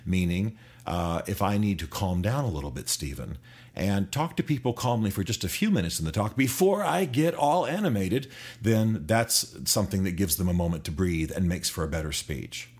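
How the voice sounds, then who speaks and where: A man's voice: deep voice, very animated, moderate pace, a little mellow, husky. A man who coaches public speakers, giving earnest, conversational advice with firm emphasis. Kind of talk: advice talk to camera.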